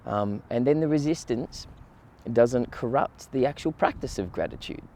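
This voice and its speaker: A man giving a relaxed, conversational outdoor talk on gratitude, often checking in with his listeners. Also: mid-range voice, moderate pace, slight background noise. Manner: relaxed, conversational, frequent "right?" and "you know". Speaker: meditation teacher. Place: outdoors by the water on a windy morning.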